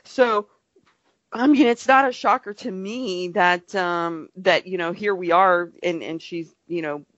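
A woman's voice: on the low side, unhurried, dry recording, lo-fi sound. A woman co-hosting a podcast, chatting casually and rambling with lots of fillers. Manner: rambling, filler-heavy, animated retelling. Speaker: podcast co-host. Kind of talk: casual chat.

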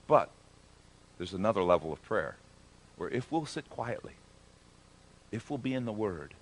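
A middle-aged male pastor giving a conversational sermon, joking in asides and swelling loud for emphasis. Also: medium pitch, a little hiss or hum.

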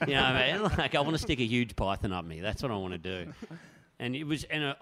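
Brief: male podcast guest, middle-pitched, rambling and laughing through a casual story. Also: expressive, fast, bright, forceful tone. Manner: rambling, laughs often, trails off.

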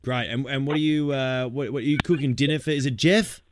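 A man's voice: medium pitch, steady tone, fairly quick, a little hiss or hum. A man with an Australian accent co-hosting a comedy radio show, joking and teasing callers. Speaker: radio co-host.

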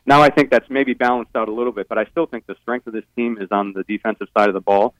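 A man's voice: medium pitch, steady tone, fast, a bit bright, no echo, low-quality recording. A man, a team beat reporter, giving thoughtful sports analysis on a radio show, hedging with many fillers.

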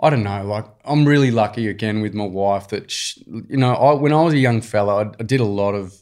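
A man with an Australian accent tells a story in a relaxed, blunt way, full of slang. His voice sits fairly low. He talks casually as a podcast guest. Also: brisk. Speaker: guest, program founder.

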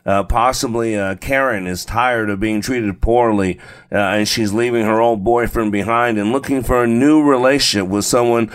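A man hosting a motivational radio show, talking conversationally with lots of "uh" and "right?", slowing down to stress key phrases. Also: mid-range voice, steady tone. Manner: conversational, fillers and frequent tag "right?". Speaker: radio and podcast host. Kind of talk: motivational talk show monologue.

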